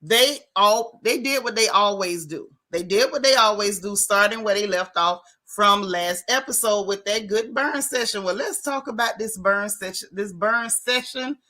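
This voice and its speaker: A woman hosting a casual livestream, greeting viewers by name in a playful, animated way. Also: mid-range voice, moderate pace, few pauses. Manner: playful, animated, Southern-leaning slang. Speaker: livestream host. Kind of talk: casual live chat.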